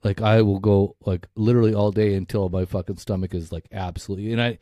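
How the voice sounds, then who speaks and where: Man, middle-aged, podcast co-host, casual rambling chat, swears, dark mellow voice, dry close sound. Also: fairly low pitch, level tone, fast, dry recording. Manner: swears freely, laughs often, loose rambling talk.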